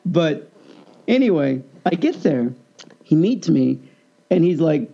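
A man casually telling a personal story in an animated way, acting out the people he quotes. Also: a little high, slow, gravelly, pauses often, dull audio.

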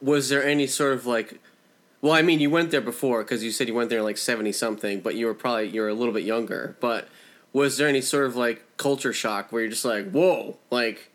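A man's voice: medium pitch, fairly even intonation, fast, fairly bright tone. A man hosting a casual interview chat, easygoing and often chiming in with short agreements. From US East Coast. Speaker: podcast host.

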